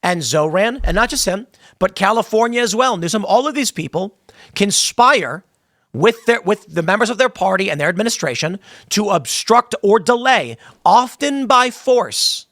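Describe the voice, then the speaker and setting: Male pundit, high and bright, dry close sound, pushy delivery that trips over itself. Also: lively intonation, moderate pace, dry recording. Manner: emphatic, stumbles and repeats words, acts out quotes. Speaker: political commentator. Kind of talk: opinionated political commentary.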